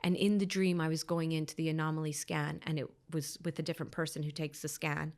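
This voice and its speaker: Low-voiced woman, hushed storytelling. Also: little pitch movement, fast talker. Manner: drops to a hushed whisper at painful moments; acts out others' words in quotes. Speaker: podcast guest. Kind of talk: emotional personal storytelling.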